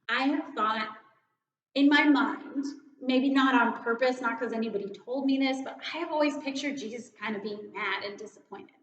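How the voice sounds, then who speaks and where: A woman's voice: high voice, slight background noise. A woman giving an informal devotional talk in an earnest, reflective, conversational way. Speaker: children's ministry director giving a devotion. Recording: echoey room, slightly dull sound.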